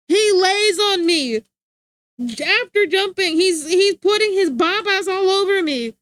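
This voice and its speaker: A young woman streamer in casual chat, slangy and animated with lots of filler words, talking into a desk mic. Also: very high voice, takes it slowly, no echo.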